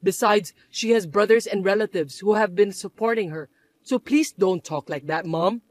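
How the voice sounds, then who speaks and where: A level-headed grown son, as a woman puts him on in a story drama. He talks low, soft and patient, steady against the shouting around him, in a dry close recording. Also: moderate pace, no room sound, close to an everyday voice. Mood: calm. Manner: calm, patient, lower and softer.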